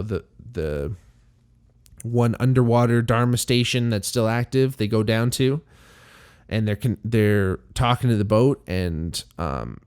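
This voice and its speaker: A man's voice: on the low side, darkish tone, clean tone. A man hosting a podcast, recapping a TV show in loose, profanity-laden casual chat full of fillers. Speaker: podcast host.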